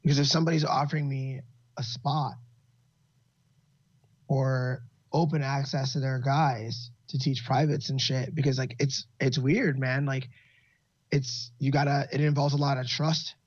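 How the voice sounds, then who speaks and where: Laid-back, husky-voiced co-host, slightly higher pitch, dull muffled recording. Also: male voice, little pitch movement, a little slow, no echo. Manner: laid-back, swears casually. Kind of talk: casual chat.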